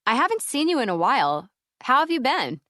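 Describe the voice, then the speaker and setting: A friendly curious young woman, higher voice, lively, textbook audio. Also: a little fast, no echo, studio quality, heavily acted. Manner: friendly, inquisitive. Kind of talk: scripted textbook dialogue.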